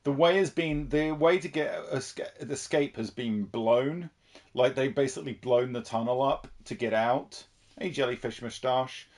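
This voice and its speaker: A man's voice: mid-range voice, moderate pace, darkish tone. A man from the United Kingdom chatting casually while streaming a horror game and reading viewer messages. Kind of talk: casual livestream commentary.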